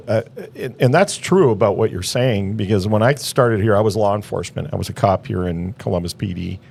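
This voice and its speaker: A man's voice: lowish voice, a little mellow. A man hosting a talk show with an Upper Midwest accent, telling stories in a playful way. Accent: Upper Midwest American. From Michigan. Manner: storytelling, playful. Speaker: host. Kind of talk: casual interview chat.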